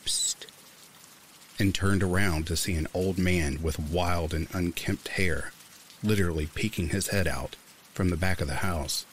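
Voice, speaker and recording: A man narrating creepy true stories in a calm, steady storytelling manner. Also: low voice, normal speed, slight background noise.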